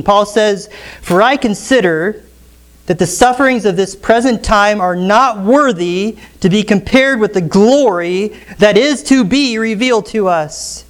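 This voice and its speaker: A pastor preaching an expository sermon in church, often asking the congregation rhetorical questions. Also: mid-range voice.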